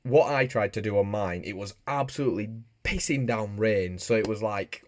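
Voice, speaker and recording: This man, a motorbike streamer from Bradford, England, banters casually on a live stream in his Yorkshire accent while going through viewer comments. His voice is lowish and he talks at normal speed.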